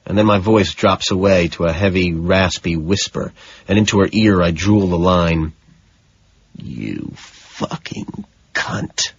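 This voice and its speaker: A man reading an audiobook in scripted narration, slow and matter-of-fact. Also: low-pitched, fairly even intonation, slightly rough, no room sound, muffled recording.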